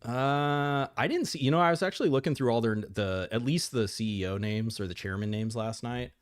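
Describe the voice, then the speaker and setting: A man's voice: medium pitch, brisk, clean tone. An American man giving casual, rambling game commentary, laughing often and restarting his sentences. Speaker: streamer.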